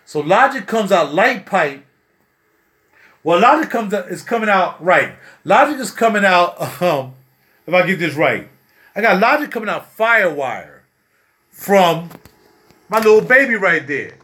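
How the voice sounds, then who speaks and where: A man with a high-pitched voice talks straight to his viewers in his home recording studio. He rambles loosely and jokes, and he calls the viewers y'all. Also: big pitch swings, measured pace, long pauses, bright, forceful tone, husky. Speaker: home studio owner showing his gear. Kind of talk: casual vlog tour.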